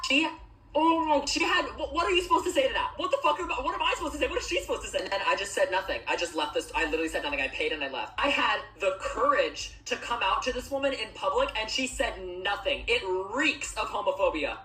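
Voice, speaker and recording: A woman telling a comic anecdote in an animated, exasperated way. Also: fairly high pitch, fast talker, reverberant, poor audio. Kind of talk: comic storytelling.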